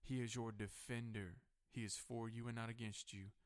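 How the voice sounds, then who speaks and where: A male pastor preaching a sermon who builds repeated refrains to higher, louder peaks and drops to a softer, slower voice for personal testimony. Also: flat delivery.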